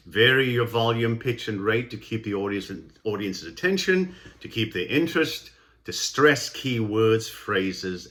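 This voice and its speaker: Guy teaching a class, lowish voice, talks things through with some uhs. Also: fairly bright tone. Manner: explanatory, with fillers and self-corrections. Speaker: instructor. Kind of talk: recorded lecture.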